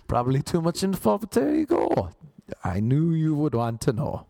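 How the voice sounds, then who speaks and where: A man's voice: fairly high pitch, huge pitch swings, a little slow, vocal fry, long pauses, warm tone, dry recording. A young Irish man telling rambling, self-mocking comic stories, often laughing at his own jokes. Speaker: comedian. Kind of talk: comic monologue.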